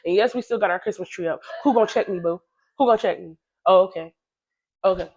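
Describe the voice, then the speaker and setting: A young woman telling a personal story in a casual, slangy, chatty way, often jumping into a higher voice to quote others. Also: fast talker, darkish tone, slightly rough.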